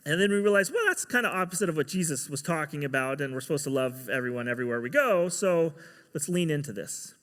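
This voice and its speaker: A man's voice: on the high side, expressive, quick pace, fairly bright tone, big-room sound. A man giving a sermon as pastor, telling a story and acting out the quoted dialogue.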